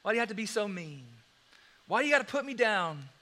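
Man doing a lonely hurt woman, soft pleading, highish bright voice. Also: very animated, fast, full character voice.

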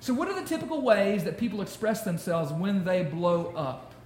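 A man preaching a sermon to a congregation, animated and conversational, often repeating words as he goes. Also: sits high, normal speed, slight background noise. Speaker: pastor. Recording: roomy hall sound.

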